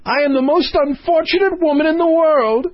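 A man's voice: extremely high pitch, moderate pace, no echo, voice pushed up. A man voicing a flustered, rueful queen in a storybook reading, in a plaintive, lilting way. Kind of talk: audiobook character voice. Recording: dry, slightly dull recording.

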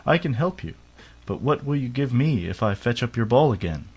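A man's voice: mid-range voice, very animated, moderate pace, darkish tone, breathy edge. A man voicing a small, insistent male frog in a storybook reading, coaxing and pleading. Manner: coaxing, wheedling, raised voice.

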